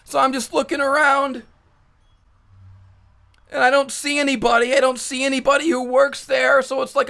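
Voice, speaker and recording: Man vlogger, very high gravelly voice, profane shouty rant with flustered restarts. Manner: profane, exasperated, frequently shouting; stammering restarts when flustered. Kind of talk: ranting storytime monologue.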